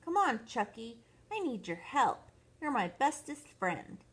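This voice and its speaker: A woman's voice: fairly high pitch, takes it slowly, breathy edge, pitched above the performer's own voice, heavily acted. Older woman doing a bold baby boy, Tommy. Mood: determined. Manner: excited, determined, yelling.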